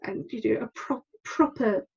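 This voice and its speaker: Husky woman telling her story. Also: fairly high pitch, normal speed, darkish tone, highs cut off. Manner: candid, hesitant, acts out quoted lines. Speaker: podcast guest. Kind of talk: personal story in an interview.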